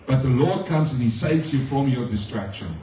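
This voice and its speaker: A man's voice: medium pitch, animated, normal speed, mellow, far from the mic, slight background noise. A male pastor giving a conversational sermon to his congregation, often asking them questions. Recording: echoey room, speaker off-mic.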